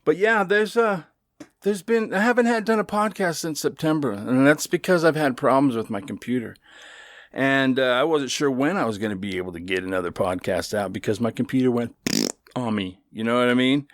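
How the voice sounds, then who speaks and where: Middle-aged guy podcasting, just shooting the breeze and cussing a bit, regular pitch, dead dry sound. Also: a little fast, dry recording. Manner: loose and chatty, with swearing and asides. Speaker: podcast host. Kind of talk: casual storytelling monologue.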